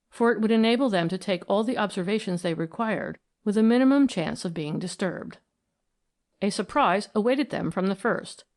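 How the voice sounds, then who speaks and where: A woman narrating a classic mystery audiobook in an even, deliberate reading. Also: mid-range voice.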